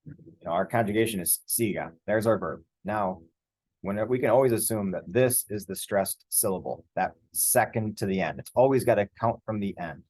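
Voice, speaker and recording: Man, low voice, relaxed language teacher, chatty explanations, dry close recording. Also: dry recording, low-quality recording. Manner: relaxed, conversational with many fillers and restarts. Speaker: Spanish teacher. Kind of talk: explaining grammar over slides.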